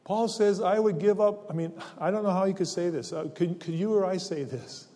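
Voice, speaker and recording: A man's voice: sits high, warm tone. Earnest male preacher in a reverberant hall. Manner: earnest, emphatic scripture reading with slow stresses. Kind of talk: sermon. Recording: long reverb of a large hall.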